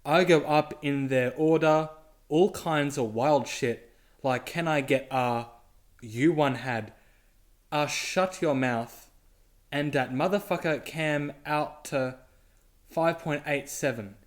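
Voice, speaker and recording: Picture a brash, crude online reviewer, read aloud by a man slowly and deliberately in a plain voice that stays level and a touch higher than most. Slangy boasts come out one measured word after another. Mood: swaggering. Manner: flat slow reading in a plain voice.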